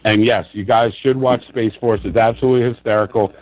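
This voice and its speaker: A man's voice: mid-range voice, steady tone, a little fast, a little mellow, dull audio. A man calling into a live show, ranting angrily with lots of swearing and bursts of laughter. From New York, US. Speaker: caller. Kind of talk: casual call-in chat.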